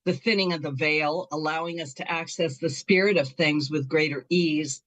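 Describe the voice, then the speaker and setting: A middle-aged woman with a low, steady voice talks at a normal speed while hosting a talk show and Reiki practice. Her casual chat is upbeat, full of laughter and filler words.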